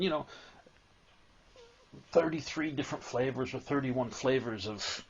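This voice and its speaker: Animated gravelly man giving a spiritual talk. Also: mid-range voice, normal speed, lo-fi sound. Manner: animated storytelling, acting out a whining child. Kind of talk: live spiritual talk to an audience.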